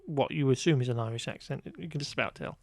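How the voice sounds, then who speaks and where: A man's voice: medium pitch, fast, creaky, dry recording. A man co-hosting a casual podcast, recapping a film in a wry, exasperated way with lots of fillers. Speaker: podcast co-host. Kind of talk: casual chat reviewing a film.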